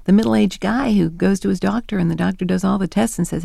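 A middle-aged woman being interviewed, telling animated stories and acting out quoted lines. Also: medium pitch, fast talker, creaky, no room sound, clean studio sound. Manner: animated storyteller who acts out quoted lines. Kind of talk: conversational interview.

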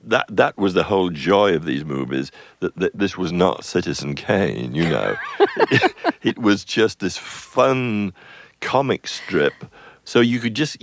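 A man's voice: lowish voice, creaky. An older man, a film composer, telling rambling anecdotes in an interview with chuckles and self-interruptions. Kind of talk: relaxed anecdotal storytelling.

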